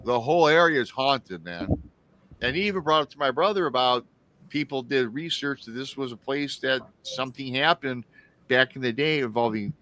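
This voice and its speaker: A man's voice: mid-range voice, a little fast, bright, forceful tone. A man in his forties hosting a live talk show, telling a story casually, with many restarts and asides to his listeners. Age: 40s. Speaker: show host.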